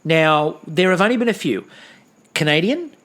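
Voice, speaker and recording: A man's voice: on the high side, expressive, moderate pace, fairly bright tone. A man co-hosting a podcast, recapping in casual chat with lots of ums and dry asides. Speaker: podcast co-host.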